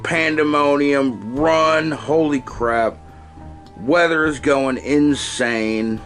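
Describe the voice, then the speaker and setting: A man's voice: a little high, drawn-out words, fairly bright tone, faint music behind. Sarcastic man reviewing a film. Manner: sarcastic, profane, retelling scenes with put-on voices. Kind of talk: casual spoken film review.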